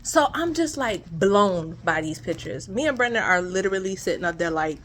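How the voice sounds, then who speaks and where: A woman chatting casually to her viewers about a story, animated and laughing often, recorded in her car. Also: medium pitch, moderate pace, few pauses, a little hiss or hum, poor audio. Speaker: vlogger telling a story. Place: in her car, then outside by a garage.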